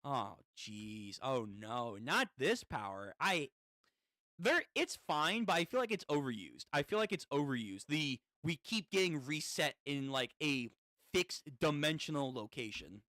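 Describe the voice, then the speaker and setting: A man's voice: fairly high pitch, sing-song, moderate pace, sharp tone, dry recording, studio quality. A man casually reading a comic aloud and reacting as he goes, swearing often. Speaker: comic read-through host.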